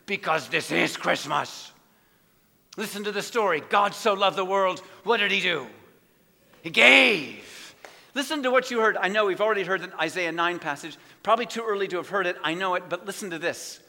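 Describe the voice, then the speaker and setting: A man preaching a sermon in a church, impassioned, swinging between hushed asides and loud declarations. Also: high-pitched, lively intonation, moderate pace, big-room sound.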